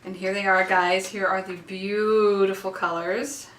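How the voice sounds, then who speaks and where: Woman, thirties, beauty vlogger, giddy and chatty, bright voice, echoey bathroom. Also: medium pitch, little pitch movement, a little slow. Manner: giddy and gushing, with many fillers. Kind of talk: casual unboxing vlog. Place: home bathroom. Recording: echoey bathroom, mic a bit far off.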